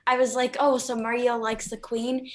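A bashful young woman talks on a video call. Her voice sits fairly high and a little bright. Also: level tone, moderate pace. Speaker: daughter. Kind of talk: casual video call chat.

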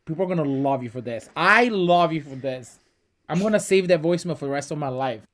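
Excitable host, gushing, quick bursts of talk. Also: male voice, on the high side. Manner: excitable, gushing, laughs a lot. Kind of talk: casual video call chat.

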